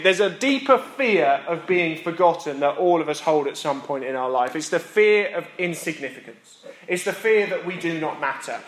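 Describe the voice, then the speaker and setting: A British man preaching a sermon, earnest with emphatic pauses and wry self-deprecating humor. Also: fairly high pitch, a bit bright, roomy sound. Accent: British English.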